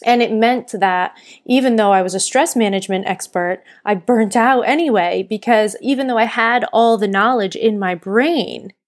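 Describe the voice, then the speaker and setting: A woman's voice: on the high side, normal speed. Earnest woman hosting a solo podcast. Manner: earnest, encouraging, self-correcting. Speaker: podcast host and burnout coach. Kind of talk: casual solo podcast talk.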